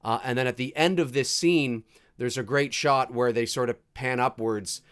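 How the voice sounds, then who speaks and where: A man's voice: medium pitch, moderate pace, a bit bright. A man hosting a live movie commentary stream, chatting casually and reading viewer comments aloud. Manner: casual, chatty, restarts and fillers, reads chat aloud.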